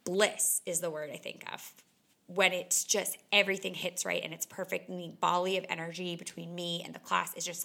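A woman's voice: fairly low pitch, creaky, pushed and bright. A young woman, a fitness instructor, talking candidly in a chatty solo podcast monologue full of "like.". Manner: chatty and candid, heavy on "like" fillers.

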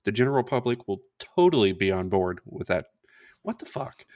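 A man's voice: on the low side, big pitch swings, moderate pace, a little mellow, dry recording, clean studio sound. A man hosting a sports podcast who speaks in a blunt, indignant, profane way. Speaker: podcast host. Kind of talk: casual sports podcast rant.

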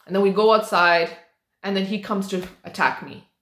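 A woman's voice: mid-range voice, fairly even intonation, moderate pace, fairly bright tone. A young adult woman rambling through a casual story as a vlogger, with lots of fillers and swearing. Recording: roomy echo.

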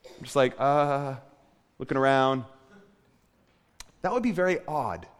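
A male pastor delivering a sermon, conversational and animated, with emphatic rises on key points. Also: medium pitch, normal speed, long reverb tail.

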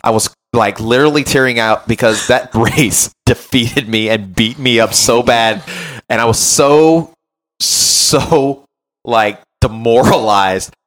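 A man hosting a podcast as a run coach, telling an animated, self-mocking story in casual chat and often checking in with "right?". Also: mid-range voice, slow.

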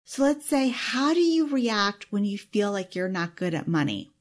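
A woman who coaches time management and speaks as a parent gives an earnest self-help teaching monologue. Her mid-range voice is sing-song at a moderate pace, openly emotional and full of exclamations.

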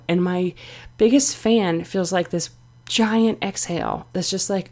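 A middle-aged woman talks through her own podcast on her own, candid and confessional, with loose fillers along the way. Her pitch sits in an ordinary middle range for a woman. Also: measured pace, darkish tone. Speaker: podcast host. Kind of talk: reflective solo podcast talk.

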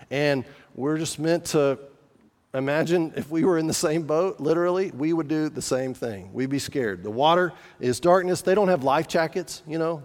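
A man's voice: a little high, a little mellow. Man preaching in an echoing hall. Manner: conversational preaching with restarts and asides. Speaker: pastor. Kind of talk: sermon. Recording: long reverb of a large hall.

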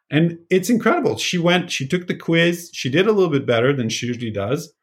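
Man, casual podcast guest, talks about teaching, animated and rambling. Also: fairly high pitch, a little fast, hardly any pauses. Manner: animated storyteller, many fillers. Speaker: former positive psychology teacher. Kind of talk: casual conversation.

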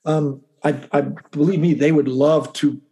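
A calm, even-keeled middle-aged man, a lawyer and writer, speaking as an interview guest with halting restarts. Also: fairly high pitch, slightly rough. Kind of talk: casual interview talk.

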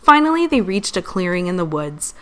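A woman reading a children's storybook aloud in an expressive, animated way. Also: fairly low pitch, fairly quick.

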